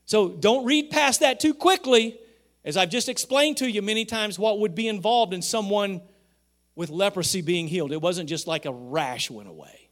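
This is a man delivering a sermon. His voice sits a little higher than most. He builds to shouting emphasis and then drops to near-quiet remarks. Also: expressive, moderate pace. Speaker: pastor.

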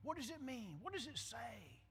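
A man's voice: very high-pitched, sing-song, moderate pace, fairly bright tone, slightly rough. A middle-aged male pastor preaching a sermon with emphatic repetition and call-and-response. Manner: emphatic, repeats lines, call-and-response with the congregation. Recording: hall reverb.

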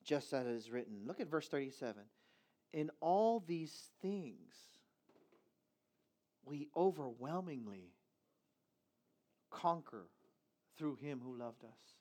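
A man preaching a sermon emphatically, moving from low, quiet stretches into loud, raised passages. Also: lively intonation, takes it slowly, long pauses.

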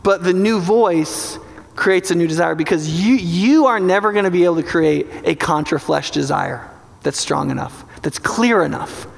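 A man preaching a sermon in an animated, joking way, now and then acting out inner voices. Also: on the high side, normal speed, creaky. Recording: large hall with long reverb.

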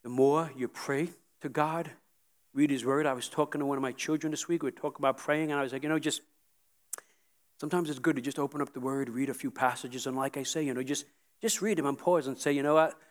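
A man's voice: mid-range voice, fairly even intonation, quick pace. A middle-aged male pastor preaching a sermon, earnest and often repeating words, building to emphatic peaks.

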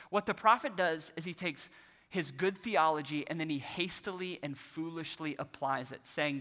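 A man's voice: a little high, moderate pace, bright, forceful tone. A man preaching a sermon as a pastor, telling a family story with earnest energy and acting out the voices he quotes. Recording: long hall reverb.

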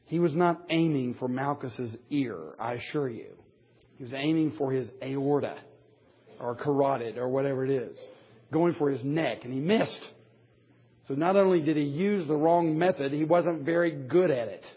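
A man's voice: medium pitch, moderate pace, breathy edge. A man preaching a sermon to a men's Bible study, emphatic, with wry asides and chuckles at his own points. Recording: dull lo-fi recording.

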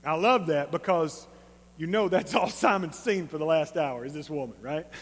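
A high-voiced preacher with an East Texas accent delivers his sermon. He is conversational and emphatic, telling the story in an animated way. His voice carries with a long reverb through a big hall. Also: moderate pace. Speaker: pastor.

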